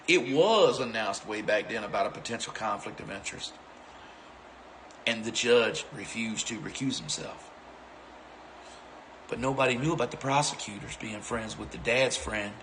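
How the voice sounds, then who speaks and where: A man's voice: fairly low pitch, moderate pace, long pauses, a bit bright, low-quality recording. Indignant man with faint background noise. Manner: profane, indignant. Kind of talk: angry commentary.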